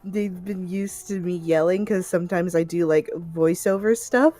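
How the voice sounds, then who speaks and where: A woman's voice: lowish voice, normal speed, mellow, faint music behind. A woman tabletop player chatting casually and laughing easily. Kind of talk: casual chat.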